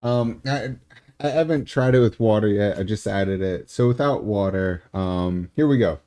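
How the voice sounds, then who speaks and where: A man reading out his whisky tasting notes in a methodical, measured way with frequent ums. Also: lowish voice, warm tone. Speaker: whisky taster.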